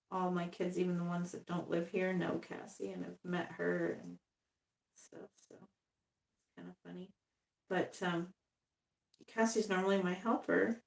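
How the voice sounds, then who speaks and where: Brief: rambling woman in her fifties live-streaming her crafts, gravelly voice, echoey room. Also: lowish voice, flat delivery, a little slow, long pauses. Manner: rambling, chatty, laughs often. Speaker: doll artist live-streaming. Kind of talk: casual live stream chat. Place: home room. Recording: echoey room, far from the mic.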